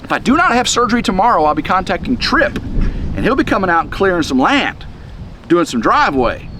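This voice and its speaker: A middle-aged man, talking to the camera outdoors in the wind in a halting, rambling way, a little chest-congested. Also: high-pitched, sing-song. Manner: rambling, halting, many restarts. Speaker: vlog host. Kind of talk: casual rambling vlog.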